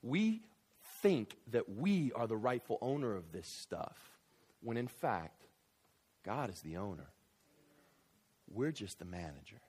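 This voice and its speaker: A man preaching a sermon in church, telling a story with animated delivery that builds to emphatic shouts. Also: medium pitch, husky. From Southern United States. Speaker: pastor.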